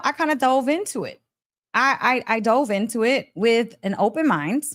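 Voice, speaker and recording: Lively, animated woman vlogger. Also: mid-range voice. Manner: animated, laughs often, acts out quoted voices. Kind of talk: casual storytelling to camera.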